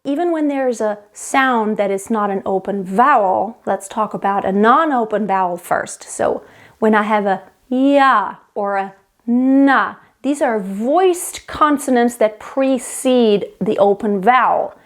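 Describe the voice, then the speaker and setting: A woman's voice: fairly high pitch, slow pace. A young woman teaching vocal technique, explaining step by step and breaking off to demonstrate sounds. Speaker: singing teacher.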